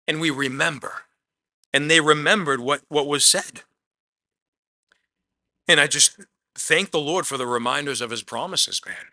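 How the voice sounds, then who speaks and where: A man preaching a conversational sermon, swinging between emphatic loud lines and quiet asides, often dropping "man" into his talk. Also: a little high, unhurried, long pauses. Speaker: pastor.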